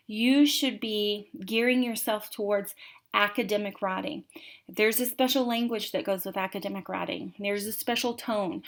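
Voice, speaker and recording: A woman in her twenties or thirties giving a recorded college writing lecture, reading example passages aloud with expressive rhythm and emphasis. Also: medium pitch.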